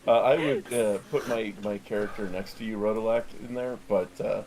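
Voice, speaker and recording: A man's voice: on the low side, fairly even intonation, moderate pace, noisy background. A man playing a tabletop game online, chatting casually in a hesitant way with dry humor. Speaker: tabletop player.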